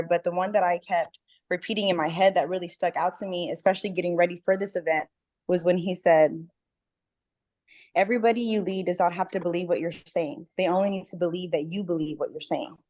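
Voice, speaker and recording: A woman's voice: on the low side, darkish tone. A woman on a group call, speaking earnestly and emphatically, repeating words for stress. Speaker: book club member about to host an event. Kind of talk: casual call sharing. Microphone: video call.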